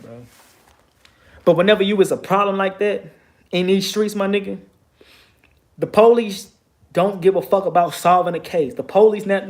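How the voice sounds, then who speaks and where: A man, telling a story in an emphatic, profane, streetwise way. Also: sits high. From Texas, USA. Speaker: vlogger. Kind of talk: casual storytelling monologue.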